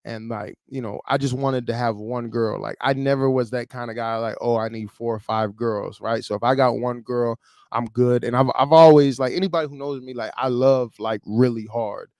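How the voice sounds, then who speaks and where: A man's voice: medium pitch, fairly even intonation, moderate pace, a little mellow, no room sound, studio quality. A man in his thirties from Chicago, telling a personal story on a livestream in a casual, emotional way with many fillers. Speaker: livestream host.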